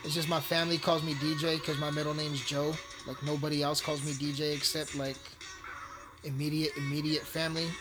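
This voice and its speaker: A man's voice: a little high, flat delivery, brisk. Profane rambling man over background music. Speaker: hotel worker telling a story. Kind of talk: casual storytelling while playing a video game. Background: music playing.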